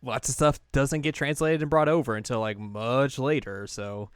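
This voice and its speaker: A man co-hosting a chatty podcast, with a smooth, clear voice recorded dry and close on the mic. He jokes and laughs often and fills his talk with "like" and "you know". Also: medium pitch, steady tone, normal speed, no echo. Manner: jokey, laughs often, many fillers. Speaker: podcast co-host. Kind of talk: casual chat.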